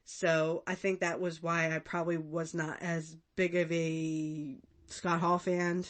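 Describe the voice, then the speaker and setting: A woman's voice: on the low side, level tone, slow pace. A woman in her thirties hosting a casual podcast, chatting with lots of fillers and frequent laughs. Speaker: podcast host. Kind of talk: casual commentary.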